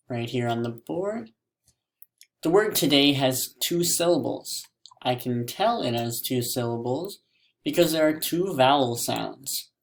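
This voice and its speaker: Slow gravelly teacher, man. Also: mid-range voice. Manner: slow, stretched-out syllables. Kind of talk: classroom mini lesson.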